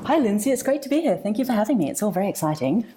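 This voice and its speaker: A woman's voice: mid-range voice, sing-song, racing, mellow, a little hiss or hum. A woman with an Australian accent, a guest author chatting with dry, self-deprecating humor. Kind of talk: casual interview chat.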